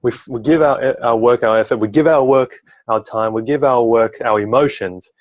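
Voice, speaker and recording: A man's voice: mid-range voice, moderate pace, no echo, poor audio. A man working as a relationship coach, talking at length in an advice-giving conversation and often tagging his sentences with "right?". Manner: talkative, tags sentences with "right?".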